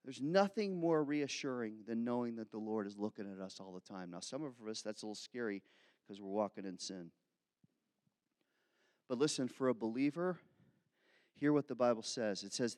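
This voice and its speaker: A man's voice: medium pitch, normal speed, dry recording, clean studio sound, big-room sound. A man in his fifties preaching a sermon in a chatty way, slipping into acted asides. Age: 50s. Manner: conversational preaching, growing animated with acted asides. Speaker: pastor.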